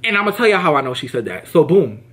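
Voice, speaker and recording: A young man telling a casual storytime to camera, slangy and emphatic, often jumping his pitch up high to act out what people said. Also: fast. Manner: animated, slangy and emphatic, acts out quotes with big pitch jumps. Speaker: vlogger.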